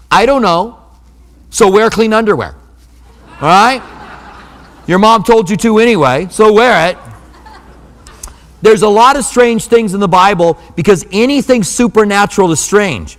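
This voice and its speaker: A man's voice: high-pitched, expressive, moderate pace, pauses often, a bit bright, long reverb tail. A man preaching a sermon as pastor, in a conversational manner with humorous asides.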